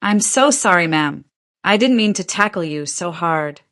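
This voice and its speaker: Woman reading tough young janitor, terse, nervous edge, lower voice. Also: animated, normal speed, fairly bright tone.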